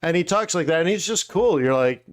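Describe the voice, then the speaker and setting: A man hosting a live trading webinar, chatting casually in slangy, animated storytelling that acts out quotes. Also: fairly high pitch, a little fast. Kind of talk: casual chat.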